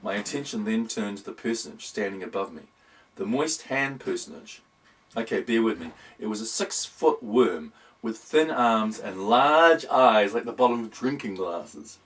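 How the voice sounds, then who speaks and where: This male audiobook reader has a lowish, fairly bright voice, lively intonation and a moderate pace. He tells a whimsical storybook wryly and playfully, set back from the mic.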